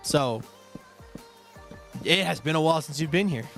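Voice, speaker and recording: Male streamer, somewhat high voice, gravelly, chatty, faint music behind. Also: expressive, a bit bright. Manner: chatty, answers viewer chat with quick asides. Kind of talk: casual live-stream chat while gaming.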